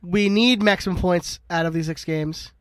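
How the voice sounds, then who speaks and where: Podcast co-host, man, very high youthful voice, sick with a cold, dry close sound. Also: normal speed, clean tone, no room sound. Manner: laughing, swearing banter. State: has a cold. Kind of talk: casual chat.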